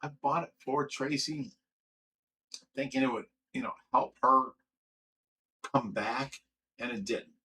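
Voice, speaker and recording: A man's voice: medium pitch, slow, pauses often, sharp tone, slightly rough, poor audio. A middle-aged man hosting a livestream, reading viewer comments aloud and going on an aggrieved, profane rant, often stumbling and repeating words. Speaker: livestream host.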